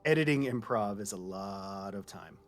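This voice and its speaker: A man voice director chatting casually in a roundtable, playful and quick to slip into joke accents. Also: lowish voice, expressive, faint music behind.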